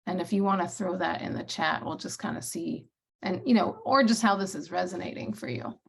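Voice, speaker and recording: A woman's voice: lowish voice, a little fast, vocal fry, slightly rough. A woman co-facilitating an online workshop on a video call, speaking reflectively and sometimes searching for her words.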